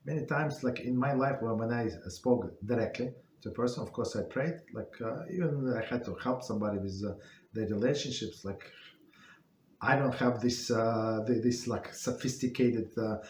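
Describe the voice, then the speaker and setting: Halting man teaching a Torah class. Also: mid-range voice, a little mellow, echoey room, a little hiss or hum. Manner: halting, many fillers and restarts. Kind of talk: casual spoken Torah class.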